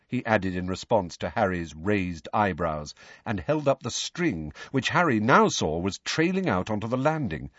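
A male audiobook narrator reads with lively, expressive swings in pitch and a husky grain. The recording is dry and a little dull. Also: moderate pace, no echo. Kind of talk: storybook narration.

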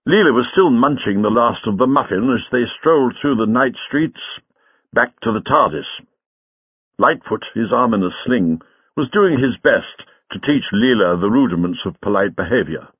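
A man narrating a story in an expressive, dramatic reading style, on a dull lo-fi recording. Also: lowish voice, husky, no echo. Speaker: audiobook reader. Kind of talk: scripted narration.

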